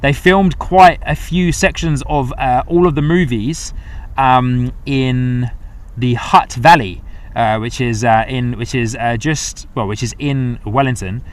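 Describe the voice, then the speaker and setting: A man's voice: medium pitch, a little slow. Chatty New man livestreaming. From New Zealand. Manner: rambling, hesitant, friendly chatter with many fillers. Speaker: livestream host. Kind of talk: casual live commentary. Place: outdoors at an airport.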